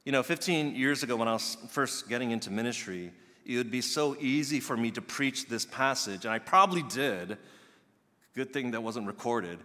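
A male pastor preaching a sermon in an earnest way, building to loud emphatic peaks and dropping soft again. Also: medium pitch, moderate pace. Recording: long reverb of a large hall.

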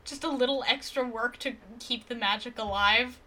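Bright-voiced woman co-hosting a film podcast. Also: fairly high pitch. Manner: enthusiastic, quick to agree, playful. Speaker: podcast co-host. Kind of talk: casual film review chat.

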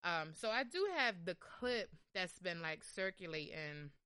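A woman's voice: on the low side, expressive, a little slow, bright, forceful tone, smooth, no room sound, studio quality. A woman hosting a podcast in casual chat, talking loosely with many fillers like "like" and "um". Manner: chatty, lots of "like" and "um". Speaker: podcast host.

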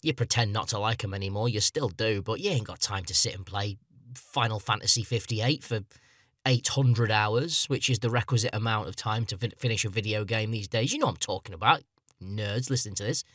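In a clean, dry studio recording, a man in his 30s hosts a comedic solo podcast, chatting and rambling with plenty of self-mockery. His voice is lowish, brisk, and slightly bright.

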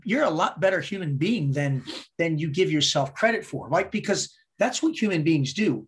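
A man as a podcast guest talking casually, blunt and heavily profane, driving his points home with repetition. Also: a little high. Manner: emphatic, repeats words for effect. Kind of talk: casual interview talk.

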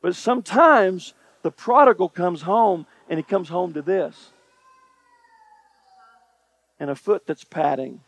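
Male preacher with a high voice, punchy and repetitive, talking right at the congregation. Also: takes it slowly, pauses often. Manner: emphatic preaching, repeats phrases, addresses congregation directly. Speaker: pastor. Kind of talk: sermon.

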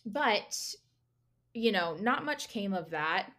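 A woman's voice: medium pitch, animated, slow, a bit bright. A young woman co-hosting a casual podcast, telling a story in a chatty, giggly way, full of fillers and asides. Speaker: podcast co-host presenting the topic.

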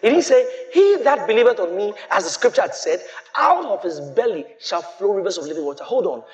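A man preaching a sermon as pastor, quoting scripture and breaking into shouts. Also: high-pitched, sing-song, fairly quick.

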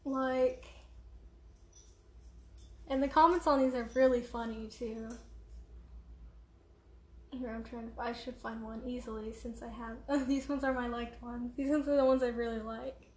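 High-voiced young woman rambling at home. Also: steady tone, measured pace, pauses often, echoey room. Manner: rambling, distracted, many fillers. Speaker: vlogger. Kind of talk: casual rambling chat. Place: room at home.

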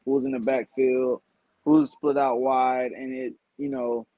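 A man appearing as a guest podcaster, working through football analysis in a measured, thoughtful way with pauses. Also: mid-range voice, level tone, mellow, no echo, low-quality recording.

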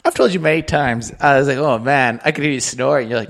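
A man's voice: medium pitch, fast talker, vocal fry, fairly bright tone. A man co-hosting a podcast in casual chat, teasing his friend and laughing easily. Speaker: podcast co-host.

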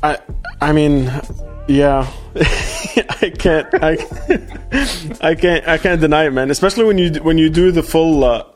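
A man's voice: fairly high pitch, a little slow, soft background music. A man hosting a casual podcast interview, often hesitant, laughing and restarting his phrases. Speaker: podcast host.

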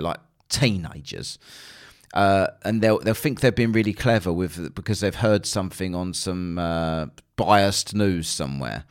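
Low-voiced male podcast host, blunt and sarcastic, sweary. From England. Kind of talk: casual podcast monologue.

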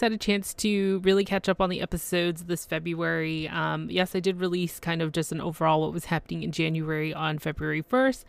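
A young woman hosting her solo podcast, gushing and excited, with lots of fillers and restarts. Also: low voice, brisk, gravelly, few pauses, clean tone, no room sound. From Canada. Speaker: podcast host. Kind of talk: casual solo podcast chat.

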